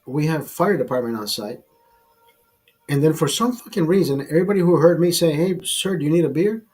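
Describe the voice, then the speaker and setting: A man's voice: on the high side, animated, a little fast, a little mellow, breathy edge, soft background music. A man hosting a casual drinking livestream, telling a rambling, profane bar story to his viewers. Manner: profane, rambling anecdote teller. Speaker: livestream host.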